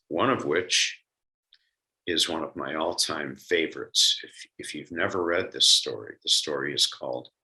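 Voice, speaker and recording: Deep-voiced man giving a slow sermon. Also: pushed and bright, poor audio. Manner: thoughtful, conversational, with pauses and fillers. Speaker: lay speaker giving a d'var Torah. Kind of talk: Yom Kippur sermon over a video call.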